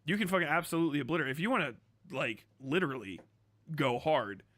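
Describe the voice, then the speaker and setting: A man's voice: fairly high pitch, sing-song, fast talker, fairly bright tone, dry recording. A man streaming casual commentary, crude and sarcastic, rambling and swearing often.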